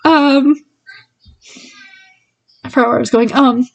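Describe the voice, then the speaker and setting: A woman's voice: high voice, steady tone, a little slow, creaky, no echo, recorded from a distance, lo-fi sound. A woman casually reviewing a book, retelling the plot in a rambling way with many fillers and laughs.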